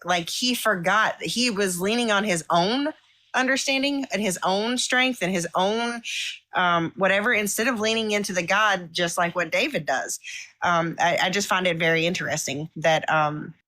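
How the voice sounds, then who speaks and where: A woman leading a casual Bible study discussion, talking in halting bursts with many restarts. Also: medium pitch, sharp tone. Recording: dry, cleaned-up audio.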